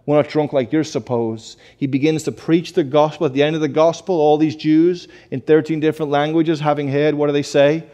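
A middle-aged man preaching to a congregation, pressing his points with rhetorical questions and quick answers. His voice sits a little high for a man but has a dark, mellow tone. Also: little pitch movement. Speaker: pastor. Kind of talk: sermon.

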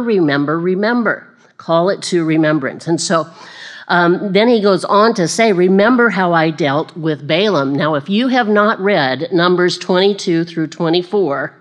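A woman with a fairly low voice preaching in a relaxed, conversational way. She laughs at herself, stumbles and restarts, and picks up energy as she retells a story. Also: unhurried. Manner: chatty and self-deprecating, with laughing asides and restarts. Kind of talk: conversational sermon.

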